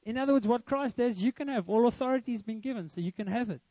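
A man's voice: very high-pitched, quick pace, mellow, dry recording, highs cut off. A young man preaching a sermon, earnest and emphatic, with a lot of repetition. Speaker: pastor.

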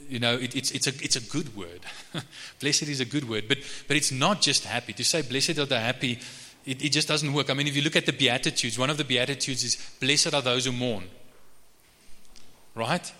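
A man's voice: medium pitch, bright, forceful tone. Man preaching in an echoing hall. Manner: conversational preaching with frequent restarts and fillers; slow measured reading of scripture. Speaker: pastor. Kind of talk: sermon. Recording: reverberant hall.

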